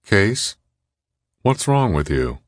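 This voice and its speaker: A man's voice: on the low side, very animated, slow pace, no echo, clean studio sound, pitched above the performer's own voice. A man voicing a stiff, formal, commanding man in an audiobook. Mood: curt. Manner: curt and commanding.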